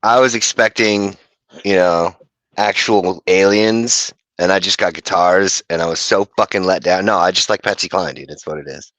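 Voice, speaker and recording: Lowish, dry-sounding jokey male panelist. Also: normal speed, a bit bright, no echo, rough recording. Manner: jokey and profane. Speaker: podcast panelist. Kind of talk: casual chat.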